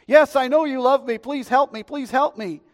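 A man's voice: very high voice, moderate pace, big-room sound, voice pushed up. A preacher acting out a desperate man begging for help. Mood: pleading. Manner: pleading, shouting for help. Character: desperate man hanging from a cliff.

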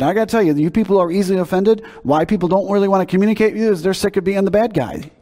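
A man's voice: high-pitched, rapid-fire, few pauses, mellow. A man preaching a sermon in a conversational, emphatic way, often repeating words as he builds a point. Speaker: pastor. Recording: long hall reverb.

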